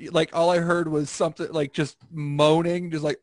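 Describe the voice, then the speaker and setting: A young man hosts a casual podcast over a remote call, his voice a little higher than most, dry and close to the mic. He jokes crudely and rambles through loose chat. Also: level tone, moderate pace, few pauses, no room sound. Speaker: podcast host.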